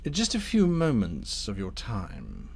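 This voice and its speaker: A man's voice: fairly low pitch, huge pitch swings, slow, gravelly, a little hiss or hum, voice pushed down, full character voice. Man doing a silky scheming devil dealmaker. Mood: persuasive. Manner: polite, silky, persuasive.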